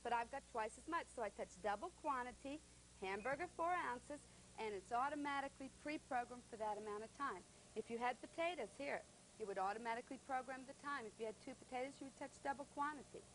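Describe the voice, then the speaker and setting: A woman's voice: fairly high pitch, fast talker, a bit bright, slight background noise, rough recording. A woman co-hosting a shopping channel, upbeat and explaining a product step by step. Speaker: co-host and product demonstrator.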